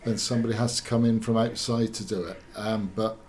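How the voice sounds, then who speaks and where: A man giving his opinion as a pundit in casual discussion, halting and searching for his words. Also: on the low side, flat delivery, darkish tone, a little hiss or hum.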